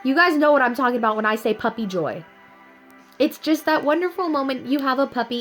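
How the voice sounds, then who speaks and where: A young woman talking earnestly and upbeat to her viewers in a casual inspirational vlog, telling a story with animated ups and downs. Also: high-pitched, brisk, soft background music, rough recording. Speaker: vlogger.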